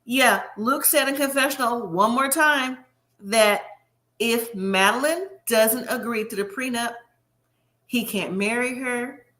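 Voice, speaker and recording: Woman, recap host, bright and chatty, opinionated, higher voice. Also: slow pace. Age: middle-aged. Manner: chatty, opinionated, quotes the cast in lively voices. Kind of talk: casual TV recap commentary.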